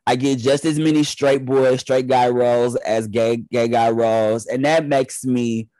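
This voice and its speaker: A young man from the Detroit area chatting as a podcast guest, telling animated stories. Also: medium pitch, unhurried, no echo, poor audio. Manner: animated storyteller, acts out family voices. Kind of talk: casual chat.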